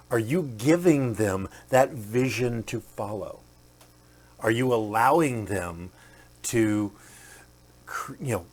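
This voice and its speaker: A man hosts a podcast and tells a motivational parable in a relaxed, chatty way, full of fillers. He slips into the voices of the quoted characters now and then. His pitch sits in an ordinary middle range. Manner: conversational, many fillers, acts out quoted characters. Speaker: podcast host. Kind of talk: motivational storytelling.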